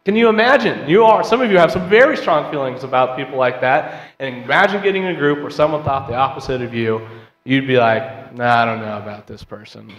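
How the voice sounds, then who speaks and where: A man leads a church Bible class in a relaxed, conversational way, asking questions and reading verses aloud. His voice sits a little high. The sound is roomy, with a long reverb from the hall. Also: a little fast, lo-fi sound. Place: church auditorium.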